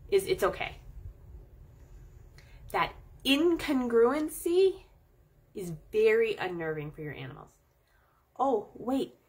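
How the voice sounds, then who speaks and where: Woman, middle-aged, husky voice, casual coaching talk, playful and animated. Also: medium pitch. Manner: animated, playful, drawn-out emphasis. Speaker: animal chiropractor and channel host.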